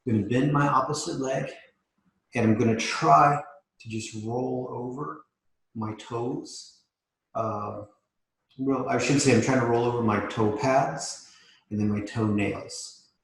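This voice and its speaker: A man leading a live mobility class as yoga instructor, calmly cueing each step while demonstrating. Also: mid-range voice, unhurried. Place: yoga studio. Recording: echoey room.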